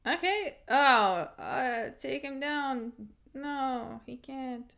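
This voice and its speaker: Excitable woman streaming a fight watch-along. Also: high voice, very slow, vocal fry. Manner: excitable, chatty, swears casually, laughs often. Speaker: livestream host.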